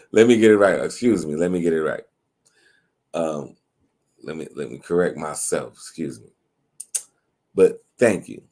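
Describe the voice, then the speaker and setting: Halting low-voiced man hosting a live stream. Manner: halting, many restarts and fillers, reads out viewer comments. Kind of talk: casual live stream chat.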